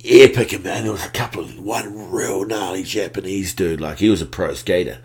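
Very deep-voiced New man telling stories. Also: normal speed, darkish tone. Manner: laid-back slang, trails off and restarts. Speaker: guest. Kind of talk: casual storytelling chat.

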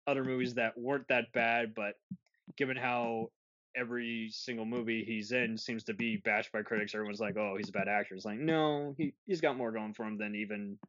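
A man with a medium-pitched, steady and slightly bright voice hosts a laid-back film review podcast at a moderate pace. Rambling and self-interrupting, he restarts sentences and breaks into frequent laughs. Dry, dull lo-fi audio with no echo.

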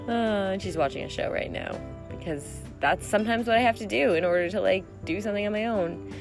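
A woman's voice: mid-range voice, a little fast. A woman hosting a solo podcast, talking in a rambling, reflective way and laughing often. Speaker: podcast host. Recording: music playing behind.

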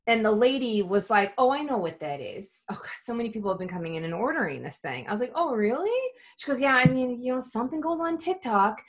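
A woman co-hosting a podcast, telling casual, animated stories with lots of swearing and laughter. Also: medium pitch. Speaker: podcast co-host. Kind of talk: casual chat.

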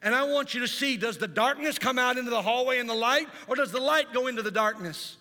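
A male pastor preaching a Sunday sermon in a church, telling stories in an animated, dramatizing way. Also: very high-pitched, fast, in a large hall. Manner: animated storytelling, dramatizes scenes. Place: church sanctuary.

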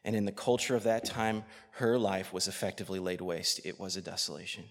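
A man preaching a sermon with passion, swinging between loud outrage and hushed, near-whispered tenderness. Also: sits low, fairly quick. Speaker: pastor. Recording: long hall reverb.

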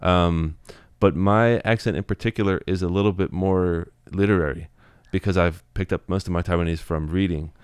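A man with a very low, clear and resonant voice. He explains things in a casual, thoughtful way, often restarting his sentences. The sound is close and dry, with no room echo. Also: fairly even intonation, normal speed, hardly any pauses. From United States. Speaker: guest, Taiwanese language teacher. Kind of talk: casual interview.

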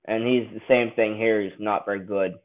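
A man angrily ranting through a movie review, swearing often and bursting out loudly now and then. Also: on the low side, fairly even intonation, moderate pace. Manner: angry, profane ranting with sudden loud outbursts. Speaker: film reviewer. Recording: tinny phone-like sound.

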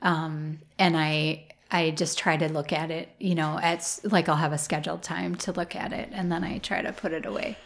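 Gravelly-voiced woman farmer musing. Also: low voice, steady tone, normal speed, few pauses. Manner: thoughtful, rambling with many fillers. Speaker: flower farmer guest. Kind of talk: casual interview conversation.

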